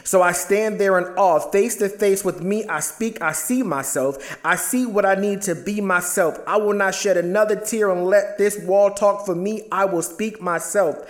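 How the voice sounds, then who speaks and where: A man's voice: high voice, normal speed, few pauses. A man who is a father, performing spoken word poetry with a rhythmic, rhyming and intense delivery. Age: adult, a father.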